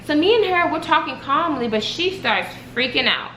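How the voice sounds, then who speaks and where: A young woman vlogger telling a story casually, with animated, dramatic delivery. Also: high-pitched, moderate pace, echoey room, slight background noise, rough recording.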